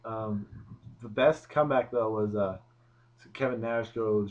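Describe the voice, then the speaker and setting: An easygoing young man co-hosts a casual wrestling recap and keeps adding quick quips. His voice sits a little low. The audio is dull and lo-fi. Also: steady tone. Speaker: co-host of a wrestling review show. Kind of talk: casual chat. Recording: dull, lo-fi sound.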